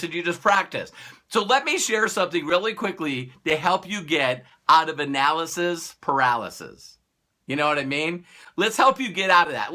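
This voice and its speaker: A man's voice: sits high, bright, forceful tone. A man giving a motivational talk who acts out little dialogues and laughs at his own jokes. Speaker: motivational speaker.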